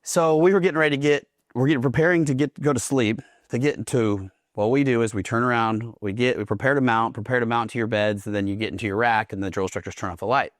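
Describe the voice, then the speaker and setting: A man from Oklahoma tells stories casually, swearing freely and laughing as he talks. His voice sits at a middle pitch. The sound is dry and close, with no room echo. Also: fast, hardly any pauses. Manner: profane, laughs while telling stories. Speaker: guest veteran. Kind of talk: casual storytelling.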